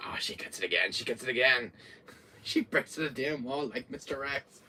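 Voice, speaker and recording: Man, gaming channel host, casual horror game chat, sharp bright tone, lively swooping pitch, acts out bits, casual swearing. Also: normal speed, distant mic, slight background noise. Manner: animated, acts out scenes in voices and whispers. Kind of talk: casual rambling chat about horror games.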